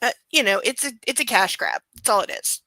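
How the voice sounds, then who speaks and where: Woman host, sarcastic and rambling book-club chat; bright tone, dry close sound. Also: fairly high pitch, sing-song, a little fast, dry recording, low-quality recording. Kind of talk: casual chat and reading aloud.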